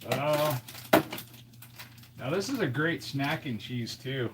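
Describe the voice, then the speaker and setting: A man chatting casually on a live stream while fixing a snack in his home kitchen, thinking out loud as he works. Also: medium pitch, expressive, takes it slowly, heavy background noise.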